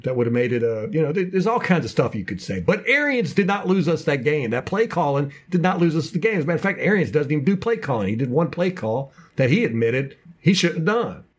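A man co-hosting a casual sports podcast, ranting passionately in fast bursts about his local team. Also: mid-range voice. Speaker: podcast co-host.

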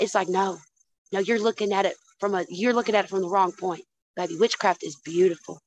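A woman's voice: mid-range voice, steady tone, moderate pace, poor audio. A woman guest in a casual chat, telling stories with lots of swearing and calling the listener "honey" and "dude". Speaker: podcast guest.

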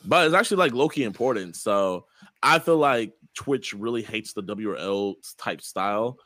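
A man's voice: lowish voice, lively intonation, moderate pace, pushed and bright, no echo. A man co-hosting a casual podcast, explaining at length with loose slang, cursing and laughs.

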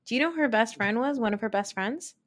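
Gossipy woman podcaster, animated and blunt. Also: fairly high pitch, fast. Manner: gossipy, animated, swears freely. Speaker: podcast co-host. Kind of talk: casual reality TV recap chat.

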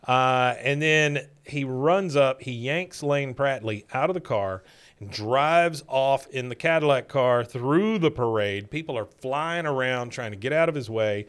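A man's voice: mid-range voice, unhurried, a bit bright, clean tone. A man retelling a cartoon episode scene by scene in a casual chat, now and then mimicking the characters' lines. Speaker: podcast host recapping episodes.

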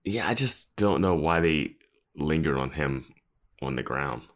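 Male podcast co-host, very deep voice, relaxed and rambling. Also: unhurried. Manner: relaxed, trails off, fillers like "like" and "you know". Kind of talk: casual recap chat.

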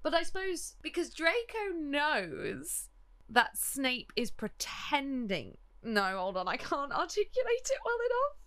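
A young woman with a fairly high voice chats casually as a podcast co-host. She thinks aloud and picks ideas apart with keen, analytical enthusiasm. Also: sing-song, a little slow, a bit bright. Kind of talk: casual book discussion.

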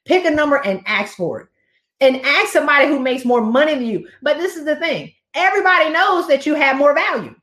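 Woman guest coach, preacher-like animated delivery, echoey room sound. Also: high-pitched, a little fast. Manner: animated, acts out dialogues, preacher-like cadence. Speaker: guest coach on pay negotiation. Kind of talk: lively conversational advice on a live stream.

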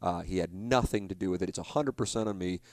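A man's voice: low voice, quick pace, darkish tone, no echo. A man in his forties, a sports broadcaster, telling a story alone on his podcast in a rambling, confessional way, full of restarts and self-blame. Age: 40s.

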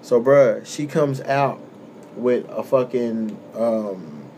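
A young man hosting a podcast who tells a story in a relaxed, casual way, swearing often and acting out the voices of the people in it. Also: medium pitch, slow pace, slight background noise. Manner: laid-back, swears often, acts out quoted voices. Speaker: podcast host.

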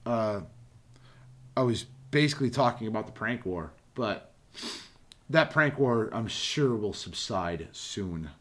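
A man's voice: lowish voice, expressive, takes it slowly. A man co-hosting a podcast in casual chat, rambling and cursing freely as he jokes with his co-hosts. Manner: rambling, profane, jokey. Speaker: podcast co-host.

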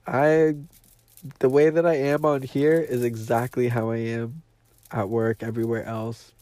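A man hosting a podcast talks through a casual monologue, his voice nasal and teary from crying, his words profane, dramatic and emotional. He's medium-pitched with a flat delivery, measured pace and dark tone on a dry recording.

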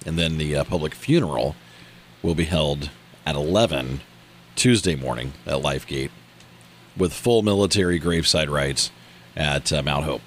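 Lively male radio co-host. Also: a bass voice, normal speed, slight background noise. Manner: lively, reactive. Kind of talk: casual radio chat.

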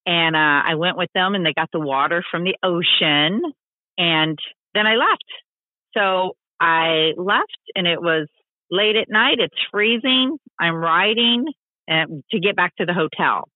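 A woman telling stories as a podcast guest, animated and chatty, acting out the voices of people she quotes. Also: lowish voice, measured pace, dry recording. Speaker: podcast guest, long-distance motorcycle rider. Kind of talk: casual storytelling interview. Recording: tinny phone-like line, dry.

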